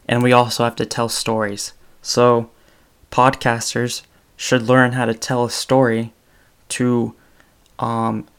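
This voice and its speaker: A young man with a mid-range voice and clean tone hosts his own podcast. In casual solo talk about storytelling, he rambles with many ums and restarts.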